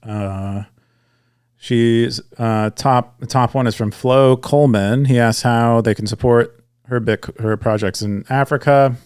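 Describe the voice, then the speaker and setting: Smooth-voiced man chatting casually. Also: medium pitch, fairly even intonation, a little slow, a little mellow. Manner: rambling, many restarts and fillers. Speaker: podcast co-host. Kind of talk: casual chat.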